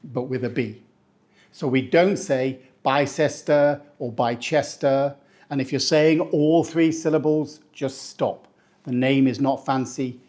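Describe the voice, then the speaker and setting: A man from England, a teacher giving a playful pronunciation lesson who slows down to say each word. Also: medium pitch, a little mellow. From northeast England. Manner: playful, slows down to spell out words. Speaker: English teacher.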